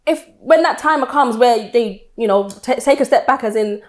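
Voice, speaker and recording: A young woman co-hosting a podcast, speaking in a measured, thoughtful way with hesitant restarts. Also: fairly high pitch. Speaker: podcast co-host. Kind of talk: casual chat.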